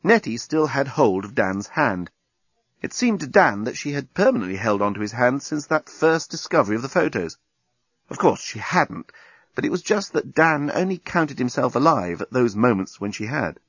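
A man narrating an audiobook in a lively, expressive reading. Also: medium pitch, normal speed, slightly rough, dry recording. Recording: dull dry recording.

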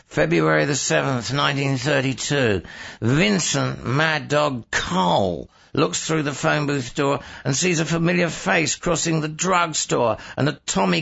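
A man narrating an audiobook in a very gravelly, bright voice. He has a husky edge and a sardonic, measured storytelling manner, and the recording sounds dull and lo-fi. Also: on the high side.

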